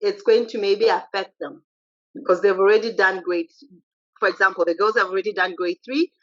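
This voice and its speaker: A woman's voice: mid-range voice, fairly even intonation, normal speed. A woman guest in casual conversation, a mother talking assertively and chattily about raising her kids. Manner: chatty, assertive, quotes her kids' exchanges. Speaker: podcast guest, mother of three. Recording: muffled lo-fi recording.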